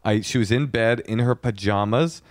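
A man's voice: lowish voice, moderate pace, no room sound, studio quality. A man co-hosting a podcast, chatting casually and joking in a playful, exaggerated way. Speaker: podcast co-host. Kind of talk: casual comedic chat.

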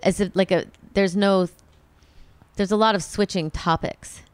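A woman co-hosting a podcast, chatting casually in a hesitant, halting way. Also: mid-range voice, steady tone, slight background noise. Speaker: podcast co-host. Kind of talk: casual chat.

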